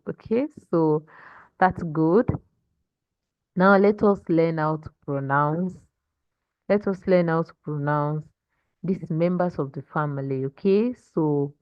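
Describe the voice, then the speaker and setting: A woman teaching over a video call, pronouncing each word slowly and checking in with her class as she goes. Her voice sits a little low. The call audio is dry and dull. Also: dry recording. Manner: slow, deliberate modeling of pronunciation; checks in with "okay?" and "hmm?". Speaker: Portuguese language teacher.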